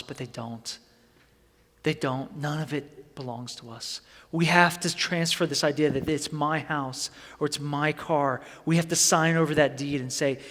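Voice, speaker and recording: A man's voice: a little high, a bit bright. A man preaching a sermon in an earnest, conversational way that builds to emphatic points. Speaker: pastor. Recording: long hall reverb.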